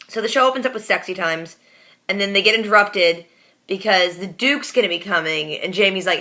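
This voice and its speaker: A woman's voice: medium pitch, animated, moderate pace, bright, forceful tone. A woman reaction vlogger giving a casual, slangy, sarcastic episode recap and talking back at the screen.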